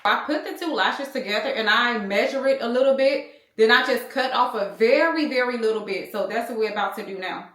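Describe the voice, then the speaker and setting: A woman's voice: on the high side, brisk, a bit bright, reverberant. A woman in her thirties chatting to her viewers as a beauty vlogger, rambling casually and calling them y'all. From United States. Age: 30s. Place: room at home. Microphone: small handheld camera.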